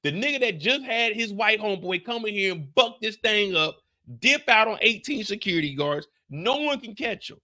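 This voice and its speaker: A man's voice: sits high, normal speed. A man on a casual live stream, retelling a TV episode with slang and acted-out lines. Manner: animated storytelling, acts out characters' lines with slang and cursing.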